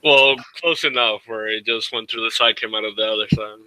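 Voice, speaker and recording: A man's voice: fairly low pitch, brisk, sharp tone, no echo, poor audio. A man playing a tabletop game, chatting casually in a laid-back, eager way. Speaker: player.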